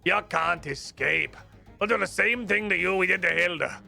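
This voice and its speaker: Man putting on a slow, menacing cult captor. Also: sits high, gravelly, pushed and bright, faint music behind, full character voice. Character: menacing male cult captor, cold and threatening.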